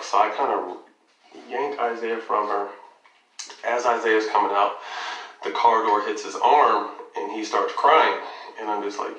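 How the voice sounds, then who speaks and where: A man's voice: on the low side, moderate pace, roomy sound, far from the mic, poor audio. A man casually telling a long personal story, swearing freely and acting out the dialogue. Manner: profane, animated retelling with quoted dialogue. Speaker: guest telling his story.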